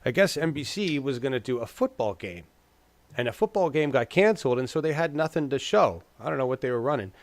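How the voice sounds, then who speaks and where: A man's voice: mid-range voice, lively intonation, fairly quick, dry recording. A man co-hosting a casual political chat, rambling and restarting his words, slipping into mocking impressions. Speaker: podcast co-host.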